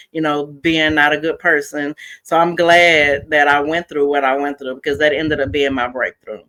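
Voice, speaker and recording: Bright-voiced woman, earnest talk. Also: low-pitched. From Houston, Texas. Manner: earnest, conversational, many fillers. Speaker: guest, mental health coach. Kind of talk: casual interview talk.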